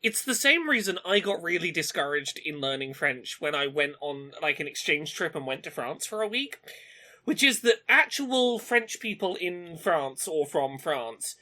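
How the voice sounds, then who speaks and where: Bright, animated podcast co-host. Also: medium pitch. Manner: animated storytelling, quick to laugh. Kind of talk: casual chat.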